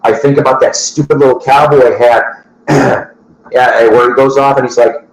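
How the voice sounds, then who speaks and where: A man's voice: mid-range voice, steady tone, moderate pace, vocal fry, slight background noise. A man hosting a record-collecting show, chatting loosely to viewers, swearing and laughing at his own asides. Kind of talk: casual rambling chat to viewers. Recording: echoey room.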